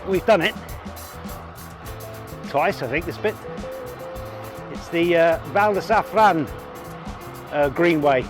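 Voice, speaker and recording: A man's voice: fairly high pitch, slow pace, pauses often, music in the background. A man in casual, chatty narration while riding a bike outdoors, thinking aloud with fillers, recorded on an action camera. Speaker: cycling vlogger. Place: outdoors on a bike, roads and a greenway with tunnels.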